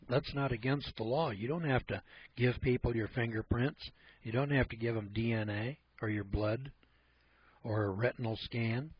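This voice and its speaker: A man's voice: medium pitch, husky, dull audio. A man hosting a radio talk show, speaking in a blunt, folksy, rambling way. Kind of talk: casual radio commentary.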